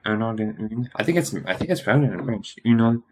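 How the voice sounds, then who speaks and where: A man's voice: mid-range voice, lively intonation, quick pace, darkish tone, a little hiss or hum. A man thinking aloud during a study stream, muttering and correcting himself as he works through a quiz, tired and yawning.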